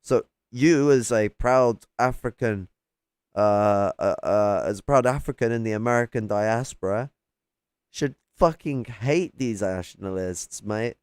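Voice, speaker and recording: A man's voice: on the low side, a little slow, smooth, no echo, studio quality. A man in a heated, profane livestream rant, mocking and arguing with chat. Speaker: livestream host.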